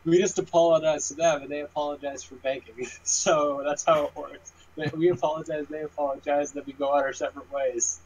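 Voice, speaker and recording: A man joining a late-night stream chat, teasing with deadpan jokes. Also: fairly high pitch, brisk, low-quality recording. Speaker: stream guest.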